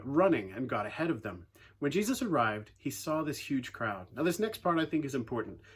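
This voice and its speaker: Husky-voiced man giving a youth talk. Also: fairly high pitch. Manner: animated storyteller, playfully sarcastic asides. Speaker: youth ministry speaker. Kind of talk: casual youth talk retelling a Bible story.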